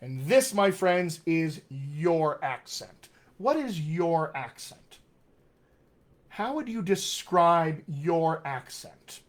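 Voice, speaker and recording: A man's voice: on the high side, animated, drawn-out words. A man coaching actors on accents in a live-streamed Q&A, talking with energy and repeating his key points for emphasis. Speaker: dialect coach.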